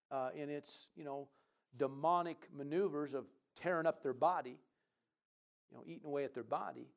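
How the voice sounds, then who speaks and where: A man delivers a lively sermon as pastor, his voice sitting a little high. He reads scripture aloud and drifts into chatty asides, then swells into loud, emphatic calls for an amen. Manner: conversational asides, rising to loud emphatic bursts.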